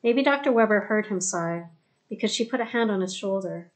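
A woman narrates a scripted audiobook in a steady, even storytelling style, her medium-pitched voice moving a little fast.

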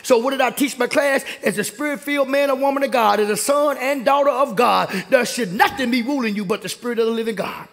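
A young man preaching a sermon in a church, calling out to the congregation and rising to shouts. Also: very high voice, fast, vocal fry, few pauses. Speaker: pastor. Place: church sanctuary.

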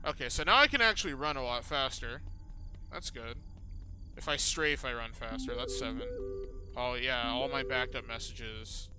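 A young man giving casual gameplay commentary, excitable and slangy, with loud yelps. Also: mid-range voice, moderate pace, music in the background. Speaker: gaming channel host.

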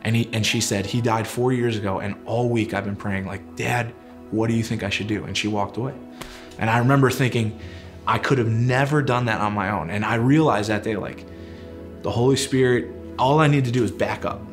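A man's voice: medium pitch, fairly even intonation, a little fast, soft background music. A young man telling a personal faith story in a casual, chatty way with lots of fillers. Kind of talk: personal testimony.

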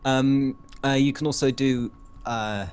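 A man's voice: medium pitch, steady tone, slow pace, a little mellow, clean tone. A young man co-playing a strategy game, chatting casually and hesitantly with many ums and restarts. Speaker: co-player. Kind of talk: casual gaming chat.

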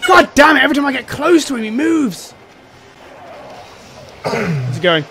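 A young man streaming a co-op game with friends, excitable and quick to yelp and laugh when things go wrong. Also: extremely high pitch, a little hiss or hum. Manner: excitable, yelps and laughs in panic. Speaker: gameplay streamer. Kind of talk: co-op gameplay commentary.

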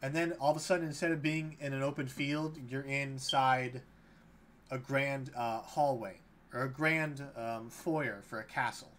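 A man's voice: medium pitch, unhurried. Man narrating a tabletop game. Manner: relaxed, loose descriptive narration with hedges. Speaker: game master.

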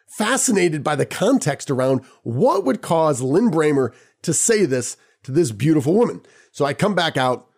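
Male podcast host, slightly raised pitch, casual anecdotal storyteller. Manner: lively anecdotal telling with chuckles. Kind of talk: personal storytelling.

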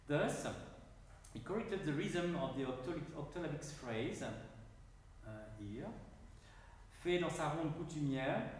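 Male lecturer, French accent, halting and careful, slightly high, roomy distant hall sound. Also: a little hiss or hum. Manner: halting, careful, pointing to score examples. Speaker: musicology lecturer. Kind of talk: academic lecture. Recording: echoey hall, mic far off.

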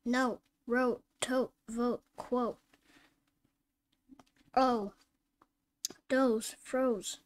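A woman's voice: a little high, fairly even intonation. A woman teaching a phonics reading lesson, reading word lists and simple sentences one at a time, sometimes correcting herself. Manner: reads each word slowly and distinctly, self-corrects.

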